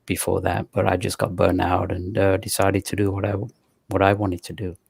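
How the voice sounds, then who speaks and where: Man, British accent, low voice, flat delivery, hesitant with restarts, dry close sound. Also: gravelly, breathy edge, no echo. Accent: British English. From Pakistan. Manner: halting, full of pauses and restarts. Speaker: podcast guest. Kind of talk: casual interview talk.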